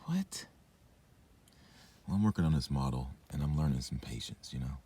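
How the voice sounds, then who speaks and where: Low, husky-voiced man ranting. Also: fast, warm tone. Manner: meandering, profane, filler-heavy. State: drinking and smoking while talking. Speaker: vlogger. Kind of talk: rambling monologue rant.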